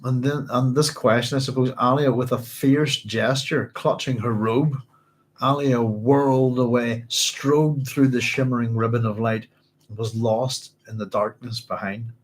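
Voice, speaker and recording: A man's voice: medium pitch, fairly even intonation, a little slow, rough recording. Musing man discussing a novel. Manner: musing, rambling, self-correcting. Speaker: book club host. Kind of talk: reading a novel aloud with commentary.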